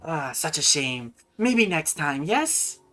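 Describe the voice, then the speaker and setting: A woman voicing a creepy, hunched old shopkeeper woman in a tabletop game, croaky and wheedling. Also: low voice, sing-song, takes it slowly, a bit bright, soft background music, heavily acted.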